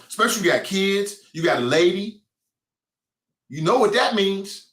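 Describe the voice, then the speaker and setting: A man's voice: high-pitched, animated, normal speed, a bit bright, reverberant. A man hosting a talk show with a Cincinnati accent, delivering a blunt, mocking, streetwise opinion monologue.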